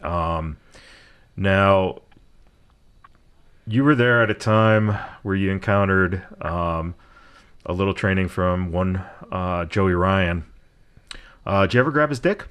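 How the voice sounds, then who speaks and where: A man's voice: low voice, slow, pauses often, a bit bright, smooth. A man hosting a podcast, joking in easygoing banter. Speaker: podcast host. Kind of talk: casual podcast chat.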